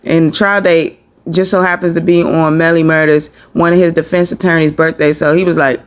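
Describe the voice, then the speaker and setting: A man's voice: a little high, flat delivery, brisk, clean tone. Rambling man giving legal commentary. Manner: rambling, many restarts. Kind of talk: casual commentary.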